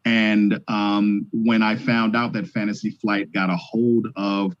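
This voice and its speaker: Low-voiced male guest on dull lo-fi audio. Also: flat delivery, slow. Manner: enthusiastic, chatty. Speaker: game designer guest. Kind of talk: casual interview chat.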